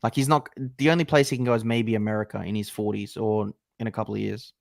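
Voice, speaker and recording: A man's voice: fairly low pitch, flat delivery, fast talker, vocal fry, no echo, studio quality. A man co-hosting a casual football chat, blunt and opinionated. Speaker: co-host.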